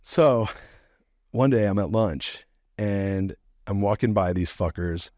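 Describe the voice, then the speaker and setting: A middle-aged man telling a profane, animated story as a podcast guest, laughing now and then. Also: lowish voice, takes it slowly, dry recording, clean studio sound. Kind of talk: casual storytelling.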